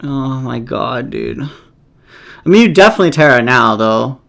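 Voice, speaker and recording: A man's voice: medium pitch, animated, normal speed, creaky, fairly bright tone. Man thinking aloud mid-match. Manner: thinking aloud, casual and rambling; swears often, exasperated. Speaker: competitive game player. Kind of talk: live gameplay commentary.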